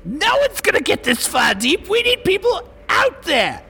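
A man putting on a shrill, bossy cultist officer. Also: huge pitch swings, unhurried, creaky, a little hiss or hum, exaggerated voice. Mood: commanding. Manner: shouting, imperious put-on accent. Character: haughty male cultist officer barking orders.

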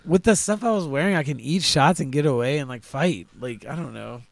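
A man's voice: on the high side, brisk, creaky, dry recording. A man co-hosting a casual gaming podcast, telling stories with animation and swearing freely. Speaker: podcast co-host.

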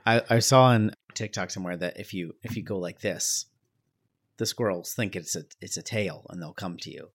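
A man co-hosting a podcast, easygoing in casual chat and brisk when reading the show's plugs. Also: deep voice, breathy edge. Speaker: podcast co-host.

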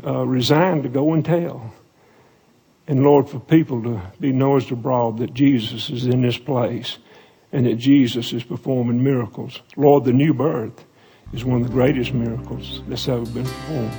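Gravelly, husky preacher man. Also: medium pitch. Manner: earnest, pleading, drops to soft slow prayer. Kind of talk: sermon altar call and prayer.

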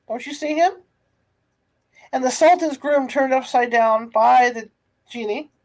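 A woman's voice: high voice, darkish tone, poor audio. A woman voicing an old miserly man, tearful and eager, halfway between laughing and crying, in a storybook reading.

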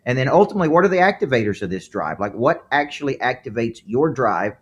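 A man's voice: mid-range voice, sing-song, fast, breathy edge, lo-fi sound. A man with a Southern US accent, a former coach and author, explaining his ideas fluently as a podcast guest. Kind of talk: podcast interview answers.

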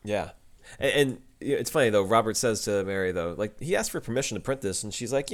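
A man's voice: fairly low pitch, expressive, fast talker. A man co-hosting a casual podcast, quoting favorite lines and laughing often. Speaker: podcast co-host. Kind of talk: casual recap chat.

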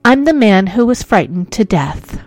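A sorrowful ghost of a young man speaks in a quiet, sighing voice, as a woman narrator puts him on. He sounds frightened and hollow in this spoken storybook. A faint bed of music sits behind him. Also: medium pitch, sing-song, normal speed, dry recording. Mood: sad, hollow.

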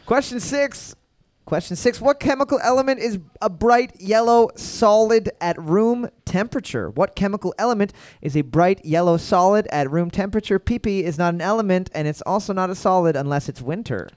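A man's voice: high-pitched, normal speed, darkish tone, no room sound, studio quality. A man hosting a comedic trivia night, reading each question twice and then riffing with crude jokes. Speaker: trivia host. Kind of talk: comedic trivia quizmaster banter.

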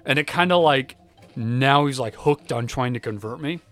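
A man co-hosting a podcast, telling stories in a casual, animated, profane way. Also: mid-range voice, moderate pace, soft background music. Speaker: podcast co-host. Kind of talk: casual chat.

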